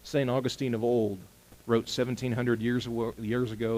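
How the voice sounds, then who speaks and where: A male pastor giving a sermon in an animated storytelling style, moving between loud emphasis and hushed lines. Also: mid-range voice, normal speed, slight background noise, rough recording.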